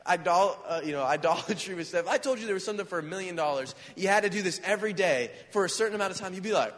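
A man's voice: sits high, very fast, few pauses, a bit bright. A man giving an informal, conversational sermon, earnest and full of questions to his listeners, recorded with hall reverb. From United States. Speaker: preacher.

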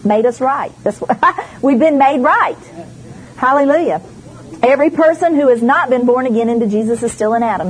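A woman's voice: on the high side, a little mellow, rough recording. A woman preaching a sermon, emphatic and storytelling, voicing the people she quotes. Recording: faint background noise.

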